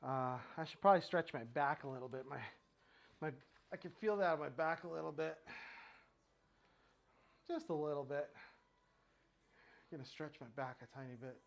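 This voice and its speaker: Brief: slightly high-voiced man, winded, counting reps and rambling through a home workout. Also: moderate pace, vocal fry, long pauses. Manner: counts reps aloud, rambling and self-correcting. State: out of breath. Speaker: fitness vlogger. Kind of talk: casual workout commentary. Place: home floor workout with his dog nearby.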